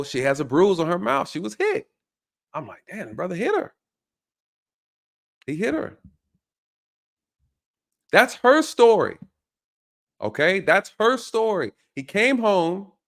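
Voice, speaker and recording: A man who hosts a reaction show as a former police officer, telling a case in casual, animated storytelling and talking straight to the viewers. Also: high voice. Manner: animated, acts out voices, addresses viewers.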